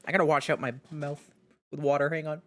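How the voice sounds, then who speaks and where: A woman streamer chatting casually to her live audience, rambling and animated, cutting herself off with fillers. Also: low voice, fast talker. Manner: rambling, animated, self-interrupting with many fillers.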